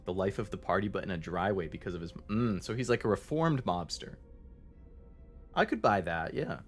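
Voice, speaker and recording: Low-voiced man chatting on stream. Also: lively intonation, normal speed, soft background music. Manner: rambling, many fillers, answers chat. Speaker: VTuber streamer. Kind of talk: casual livestream chat.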